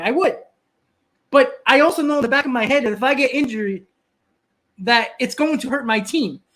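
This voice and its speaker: A man's voice: very high voice, fairly bright tone. A man hosting a live stream, ranting casually, often repeating and restarting words and answering viewers in the chat.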